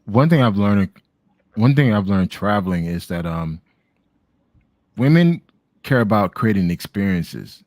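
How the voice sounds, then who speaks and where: A guest on a travel talk show, an American man from Miami, chats casually over a video call in a laid-back, slangy way, calling everyone "man" and "bro." His fairly low, darkish voice is animated but a little slow, with frequent pauses. There's no room sound.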